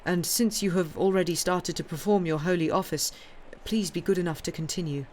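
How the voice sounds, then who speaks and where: A woman voicing a polite, sympathetic male doctor who speaks courteously and gently. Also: lowish voice, fairly even intonation, brisk, a little hiss or hum, close to an everyday voice.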